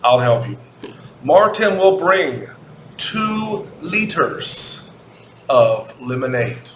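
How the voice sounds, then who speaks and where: An American man teaching an English grammar lesson to children, repeating questions slowly and spelling words out letter by letter. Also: medium pitch, very animated. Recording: echoey room, faint background hum.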